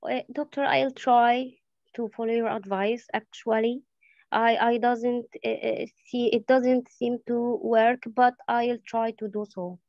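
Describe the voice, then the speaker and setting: A woman's voice: on the high side, fairly even intonation, a little slow, no echo, muffled recording. A woman role-playing a worried patient who wants to see a specialist, speaking hesitantly and stumbling over words. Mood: concerned. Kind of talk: medical exam role-play.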